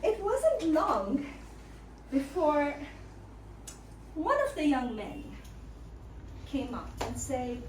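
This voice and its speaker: A woman storyteller with a high, lively voice, telling her tale slowly and playfully to a live group. She is heard from some way off the mic in an echoey room, with clear background noise. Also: recorded from a distance. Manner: playful, drawing the audience in.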